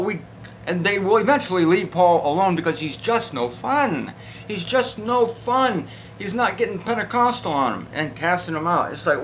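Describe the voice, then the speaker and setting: Animated man teaching the Bible. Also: fairly high pitch, normal speed, slight background noise, low-quality recording. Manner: animated and conversational, acting out voices. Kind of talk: informal Bible teaching talk.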